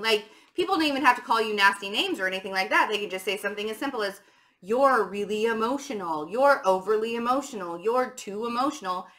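A woman's voice: fairly high pitch, pushed and bright. A young adult woman giving a casual tarot reading to camera, chatty, frank and emphatic. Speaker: tarot reader.

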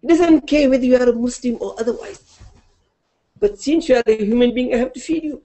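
A male preacher voicing a devout, generous old prophet in a retold story, pitched up and pleading. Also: brisk, mellow. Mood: earnest.

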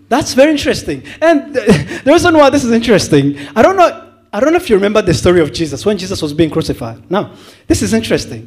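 This male evangelist's voice sits high with a breathy edge. Preaching to a church, he poses questions to the congregation and repeats words as he works through his thoughts.

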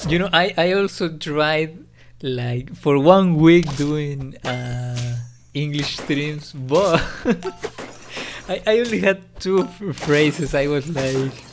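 A young man whose first language is Spanish, rambling through a casual monologue in halting English, full of restarts and "you know". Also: on the high side. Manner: rambling, repeats fillers like "you know" and "don't worry". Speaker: YouTuber.

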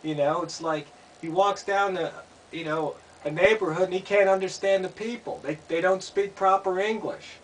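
This high-pitched male commentator keeps a fairly even intonation and a normal speed, barely pausing as he rants through rhetorical questions and repetition. The recording comes from a distant mic with faint background noise.

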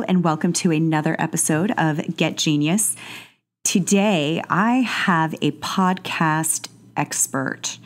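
A woman with a low, deep-set voice hosts her podcast in a loose, chatty solo intro. She gushes and rambles with ums and restarts. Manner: chatty, gushing, with fillers. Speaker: podcast host. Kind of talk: casual solo intro monologue.

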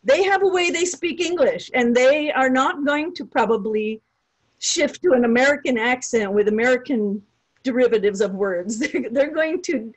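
A woman taking part in an online webinar, putting a question in a thoughtful, halting way. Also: sits high, breathy edge, dry recording, rough recording. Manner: thoughtful, halting, repeats words as she thinks. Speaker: webinar participant asking a question.

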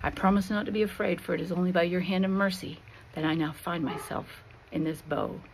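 A woman voicing an eager young female arrow, wide-eyed and breathless, pleading and excitable. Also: fairly low pitch, brisk, a little hiss or hum, close to an everyday voice. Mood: excited.

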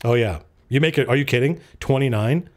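A man's voice: mid-range voice, brisk. A man narrating as game master at a tabletop game, casual and freely swearing as he works through the rules aloud.

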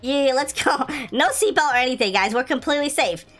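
A woman hosting a gameplay video, excitable and playful, laughing often as she comments. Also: sits high, a little fast, faint music behind. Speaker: gaming video host.

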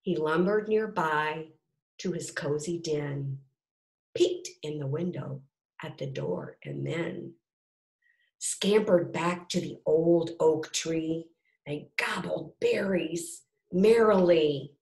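A woman reading a rhyming picture book aloud to children, with gentle asides to her listeners. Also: sits low, slow pace. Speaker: storybook reader. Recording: roomy echo.

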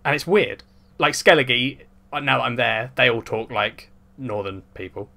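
A young man co-hosting a podcast, easygoing and calmly arguing back in casual chat. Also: medium pitch, normal speed, vocal fry. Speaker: podcast co-host.

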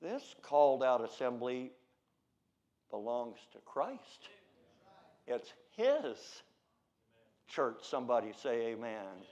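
An American man preaching a sermon, swinging between loud shouted declarations and low, quiet asides. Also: very animated, slow pace, pauses often.

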